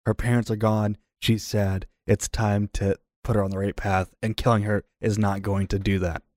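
A man with a low voice plays his character at a tabletop game. He argues and pleads with rising exasperation and curses, in a dry, close sound. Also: flat delivery, moderate pace, a little mellow, no room sound. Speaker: player. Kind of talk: in-character tabletop role-play.

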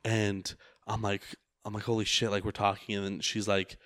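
A man's voice: lowish voice, completely flat delivery, moderate pace, fairly bright tone, no room sound. A man who drives for a rideshare service, telling a story in casual chat, rambling and profane with lots of filler words.

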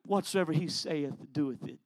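A man's voice: a little high, normal speed, a little mellow, no echo, pitched below the performer's own voice, natural voice. A man preaching, voicing Mary as she firmly orders the servants to obey. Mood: commanding. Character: insistent adult mother Mary ordering servants.

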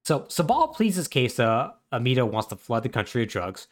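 Animated man recapping a story. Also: mid-range voice, a little fast. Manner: animated, wry storytelling with many fillers. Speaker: podcast co-host. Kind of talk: casual chat recapping a video game plot.

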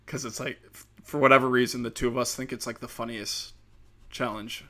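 A man's voice: mid-range voice, level tone, fairly quick, bright, forceful tone. A man, a stand-up comedian with a speech impediment, riffing in a rambling, profane podcast monologue. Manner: rambling, profane, many fillers.

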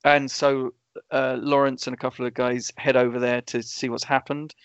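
Male podcast co-host, easygoing and halting delivery; dull dry recording. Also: medium pitch, clear, resonant tone, no room sound. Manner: relaxed, hesitant with many ums. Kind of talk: casual film review chat.

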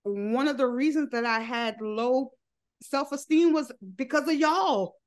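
A woman's voice: high-pitched, measured pace. A woman guest in a casual interview, speaking candidly about her life and laughing often as she talks. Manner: laughs often while telling her story; candid and talkative, with loose, run-on phrasing. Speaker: interview guest, social media creator.

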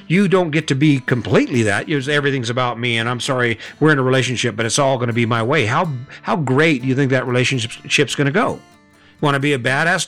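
A man's voice: a little high, fairly bright tone. Blunt middle-aged man hosting a podcast. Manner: blunt, swearing, rhetorical questions. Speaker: podcast host. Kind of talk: motivational monologue.

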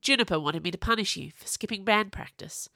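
A woman, voicing a deadpan, trolling young male goth waiter in a storybook reading. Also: medium pitch, brisk, vocal fry, dry recording, clean studio sound. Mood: teasing.

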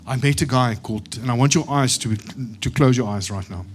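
A man preaching a sermon. He moves from slow, quiet scripture reading to loud, excited storytelling. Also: medium pitch. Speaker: pastor.

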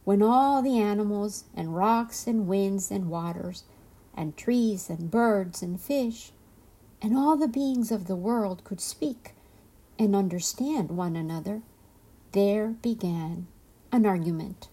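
A woman host reading a storybook aloud, slow and expressive, lingering on words. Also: medium pitch.

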